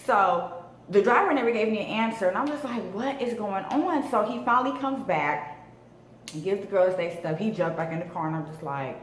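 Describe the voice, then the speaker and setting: A woman's voice: mid-range voice, fairly quick. A woman in her thirties from Southern California, telling a dramatic storytime vlog with slang and swearing. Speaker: vlogger. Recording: echoey room with faint noise.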